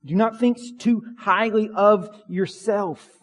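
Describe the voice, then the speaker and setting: A man's voice: sits high, slow, long reverb tail. A man preaching a sermon as pastor, earnest, repeating phrases for emphasis.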